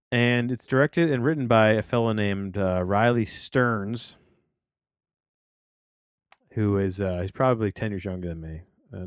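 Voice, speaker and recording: A man hosts a casual film-review podcast from a home office studio, wandering off into tangents and restarting his sentences. His voice sits a bit low, and the recording is dry and close. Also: a little mellow, no room sound. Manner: rambling, full of tangents and restarts.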